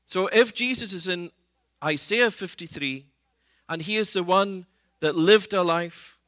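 A man's voice: high-pitched, a little slow, a bit bright, no echo. A man preaching a sermon in an earnest way, retelling scripture scenes and voicing the people in them.

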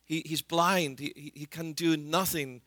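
A man preaching a sermon with a bright, forceful voice pitched a little high. He talks in an earnest way, retelling scripture scenes and acting out the people in them. The sound is dry and close. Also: fairly even intonation, measured pace, no echo.

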